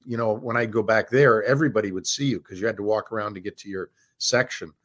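Low-voiced older man, frank interview guest. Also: fast, a bit bright. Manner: frank and plainspoken, with frequent uh and um hesitations. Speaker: former hockey general manager, guest. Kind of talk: interview answers.

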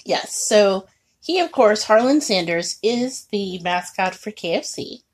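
A woman co-hosting a podcast in casual chat, laughing often and animated. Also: medium pitch, husky. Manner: laughs often, animated, quick bursts of surprise. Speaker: podcast co-host.

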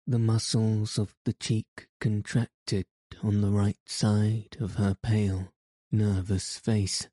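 A male audiobook narrator reads a classic novel at a slow, measured pace. His voice is low and flat in pitch. The recording is close and dry. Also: no echo. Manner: measured, even reading.

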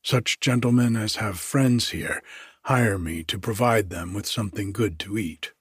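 Guy reading a classic story aloud, husky and slow, dry close mic. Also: lowish voice, no room sound. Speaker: audiobook narrator. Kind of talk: first-person literary audiobook narration.

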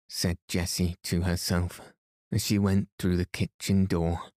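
A man reading a classic children's novel aloud as a calm bedtime story host, in an even, unhurried manner. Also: low-pitched, no room sound, studio quality. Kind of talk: slow soothing bedtime reading.

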